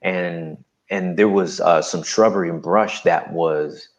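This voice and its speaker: Deep gravelly man telling a story. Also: slow, highs cut off. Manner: animated storytelling with acted quotes. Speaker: guest. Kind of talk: personal storytelling interview.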